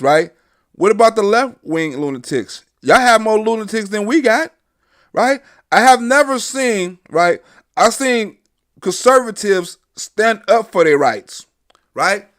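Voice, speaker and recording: High-voiced man ranting profanely. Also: lively intonation, a little slow, a bit bright. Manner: emphatic, profane and repetitive. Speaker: live-stream host. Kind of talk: political commentary rant.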